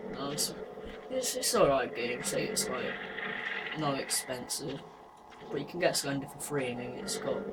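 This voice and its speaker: A young man commentating a horror game, jumpy and nervous, screaming at scares and taunting the monster. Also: fairly high pitch. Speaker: gaming YouTuber. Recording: noisy home recording.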